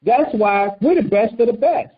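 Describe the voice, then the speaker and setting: A man's voice: extremely high pitch, expressive, normal speed. A man preaching a conversational sermon, quizzing his listeners and acting out quotes. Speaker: preacher teaching a congregation. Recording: dull lo-fi recording.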